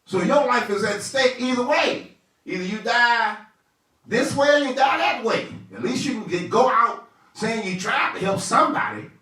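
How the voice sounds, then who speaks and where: A man, a pastor, teaching Sunday school with animated, conversational storytelling. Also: extremely high pitch, normal speed. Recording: echoey room from a distant mic.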